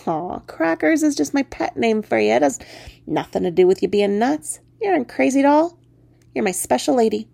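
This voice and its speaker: A woman's voice: fairly high pitch, big pitch swings, normal speed, creaky, dark tone, dry recording, heavily acted. A woman voicing a tiny, teasing male fairy who first appears as a frog, reading her story aloud. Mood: playful. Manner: playful, teasing.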